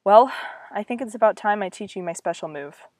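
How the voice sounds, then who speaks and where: A woman's voice: medium pitch, lively intonation, brisk, a little mellow, dry recording, voice pushed up, close to an everyday voice. A woman voicing a nervous, secretive young male swordsman in a storybook reading, hesitant and evasive. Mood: proud.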